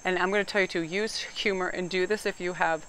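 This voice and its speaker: A middle-aged woman, giving a casual, animated tarot reading outdoors and sometimes getting loud and emphatic. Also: fairly low pitch, fairly quick, a little hiss or hum. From New England. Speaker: tarot reader.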